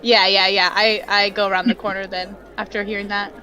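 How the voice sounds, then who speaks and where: A woman's voice: medium pitch, little pitch movement, a little fast, sharp tone, some chatter behind. A woman playing a tabletop role-playing game over a voice call, hesitant and giggly, with lots of fillers. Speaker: player. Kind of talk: casual tabletop game chat.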